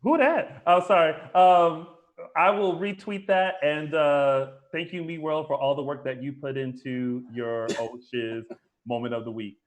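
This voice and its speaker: A man's voice: on the high side, flat delivery, a little slow. A man co-hosting a soap opera recap show, chatting playfully and handing out segment awards. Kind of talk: casual recap chat.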